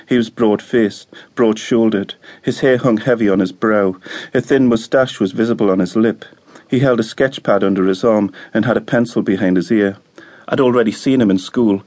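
A man narrates an audiobook in a calm, measured storytelling voice. His pitch sits on the lower side.

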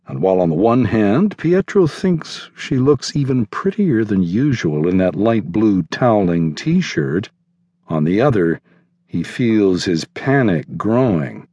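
A man narrating a literary novel in a measured, unhurried reading. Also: fairly low pitch, warm tone, breathy edge, no echo. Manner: measured literary reading, voicing characters lightly. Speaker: audiobook narrator. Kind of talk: scripted narration.

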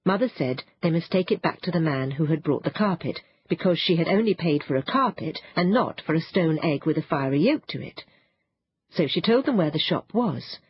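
Woman, storybook narrator, low-pitched, animated, dull lo-fi recording. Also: normal speed, breathy edge. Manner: expressive, animated reading. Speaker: audiobook narrator.

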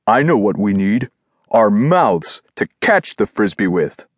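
A man voicing a muddled, slow-witted dog. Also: on the low side, very animated, slightly rough, no room sound, studio quality, full character voice.

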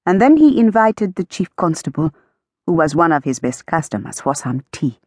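A woman narrating an audiobook in a steady storytelling manner, lightly amused. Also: deep voice, normal speed, husky, no room sound, studio quality.

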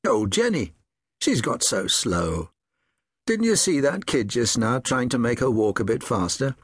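A man's voice: medium pitch, big pitch swings, measured pace, breathy edge, dry recording, studio quality. A man voicing a blunt, matter-of-fact donkey keeper talking to his son. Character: gruff seaside donkey keeper, a father, blunt.

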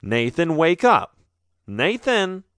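A man's voice: fairly high pitch, sing-song, takes it slowly, a bit bright, clean tone, no room sound, studio quality, voice pushed up, heavily acted. A man voicing a stern, impatient female schoolteacher in a children's storybook.

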